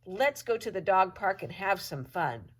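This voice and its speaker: A woman voicing an eager, loyal young pet dog in a children's storybook, calling out in excited barks. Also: medium pitch, unhurried, pitched above the performer's own voice. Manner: excited barking shouts.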